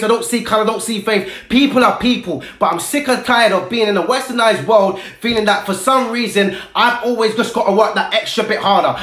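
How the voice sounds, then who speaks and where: A man's voice: very high voice, fairly bright tone. A man delivering a heated, emphatic monologue to camera, full of repetition and street slang. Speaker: video blogger. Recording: roomy echo with faint music.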